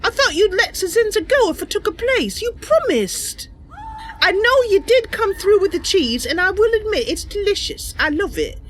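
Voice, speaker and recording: A woman voicing a young wood elf templar woman in a game role-play, earnest and indignant, pleading in a high voice. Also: big pitch swings, normal speed, fairly bright tone, slight background noise, exaggerated voice. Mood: reproachful.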